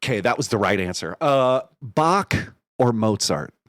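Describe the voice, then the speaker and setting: A man's voice: mid-range voice, lively intonation, normal speed, a bit bright, dry recording, clean studio sound. A man hosting an interview, playful and enthusiastic, heaping praise on his guest. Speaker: podcast host. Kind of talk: casual interview chat.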